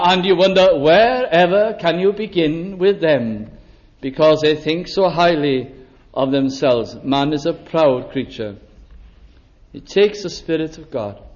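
A man with a high voice preaches a sermon in a chapel. He is deliberate and draws out key phrases for stress. The recording is muffled and lo-fi.

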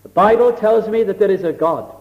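A middle-aged man preaching a sermon slowly and deliberately, acting out little scenes to illustrate his point. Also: high-pitched. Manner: slow, deliberate, with acted illustrations. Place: church. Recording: dull old recording in a hall with long reverb.

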